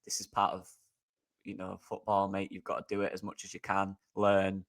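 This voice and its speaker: A man with a lowish voice talks football as a podcast co-host. He sounds upbeat and chatty and keeps calling his friend mate. He is relaxed and easygoing. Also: moderate pace, vocal fry. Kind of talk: casual football podcast chat.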